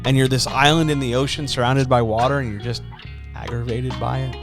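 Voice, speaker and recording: A man in his forties talks over music in his small home studio, his voice sitting at a middle pitch. He hosts a live stream in a loose, self-deprecating way and keeps asking the audience rhetorical questions. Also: little pitch movement, fairly quick. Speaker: streamer host. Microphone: studio microphone. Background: background music.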